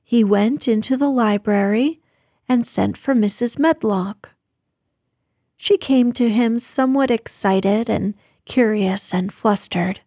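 A woman reading a classic novel aloud in a calm, measured voice that turns softly whispered in places. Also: a little high, no echo, clean studio sound. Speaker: reader. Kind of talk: storybook read-aloud.

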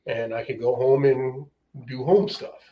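A police officer, formerly a volunteer firefighter, talks reflectively with many filler phrases. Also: male voice, mid-range voice, fairly even intonation, a little slow, lo-fi sound. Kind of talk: casual chat.

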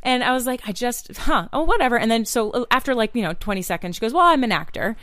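A woman's voice: a little high, animated, quick pace, fairly bright tone, dry recording, studio quality. A woman from Maine, co-hosting a podcast and telling a story in casual chat, acting out the dialogue. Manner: chatty, acts out quoted dialogue. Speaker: podcast co-host.

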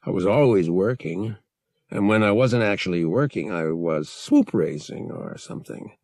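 A man's voice: normal speed, no room sound, studio quality. A man doing a smug young pilot. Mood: sheepish. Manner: smug, relaxed, low delivery. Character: cocky young male pilot, smug and easygoing.

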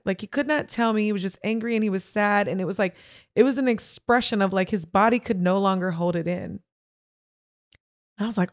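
A woman's voice: medium pitch, fairly quick, no echo, clean studio sound. A young woman hosting a podcast, frankly and emphatically telling a personal story straight to her listeners. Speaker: podcast host. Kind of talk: candid personal storytelling monologue.

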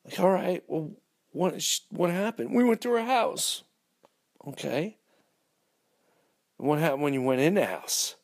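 A man hosting a podcast, telling a dramatic story in an animated, rambling way full of restarts. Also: a little high, unhurried, vocal fry, long pauses. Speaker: podcast host.

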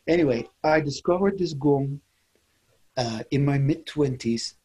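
A man's voice: medium pitch, measured pace, a little mellow, breathy edge. A middle-aged man from the Netherlands, talking in a reflective interview, musing and repeating his phrases. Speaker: interview guest, former seminar leader.

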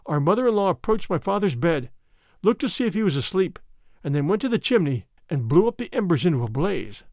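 A man narrating a classic tale as an audiobook reading, in an expressive, dramatic manner. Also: high voice, fairly quick, no echo, clean studio sound.

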